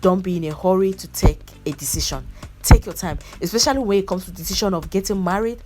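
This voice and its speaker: A woman's voice: medium pitch, fast, background noise. A woman, earnestly giving life advice in a casual vlog about a movie, repeating her points for emphasis. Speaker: movie reviewer vlogger.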